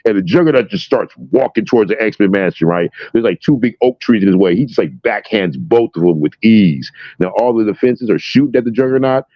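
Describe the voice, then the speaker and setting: A very deep-voiced man retells a scene with excitable energy, stumbling over fillers and cursing freely. His voice comes through dull and lo-fi. The sound is dry, with no room echo. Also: a little fast, few pauses. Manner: storytelling, excitable, lots of fillers and swearing. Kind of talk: casual chat.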